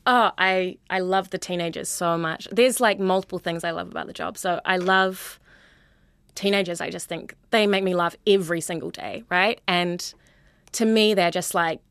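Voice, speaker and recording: Young Kiwi woman, twenties, teacher in a frank interview; lowish pitch, chatty, dry recording. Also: fairly even intonation, normal speed, fairly bright tone, clear, resonant tone, dry recording. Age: 20s. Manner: earnest, chatty, full of "like" and "you know". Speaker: high school teacher. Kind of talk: candid interview.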